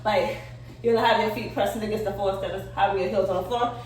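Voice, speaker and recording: A woman's voice: mid-range voice, fairly even intonation, quick pace, darkish tone, a little hiss or hum. An out-of-breath woman, chatting casually and laughing often as she demonstrates yoga poses for her vlog. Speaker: vlogger. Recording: very echoey room, somewhat far from the mic.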